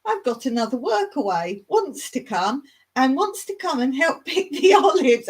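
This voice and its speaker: Slow, easygoing woman chatting live. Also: fairly high pitch, animated, husky, rough recording. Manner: chatty, rambling, laughs often. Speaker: live streamer. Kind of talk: casual chat with live viewers. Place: rural smallholding.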